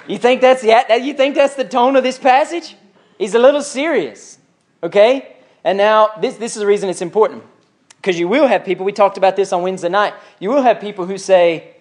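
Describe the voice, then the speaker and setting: High-voiced man teaching a Bible class. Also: a little fast. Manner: conversational, asks the class questions, reads scripture with emphasis.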